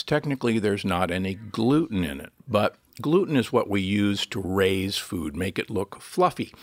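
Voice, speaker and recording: Low, gravelly man explaining emphatically. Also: no echo, studio quality. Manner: emphatic, lecturing. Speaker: guest physician and author. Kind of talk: podcast interview, explaining.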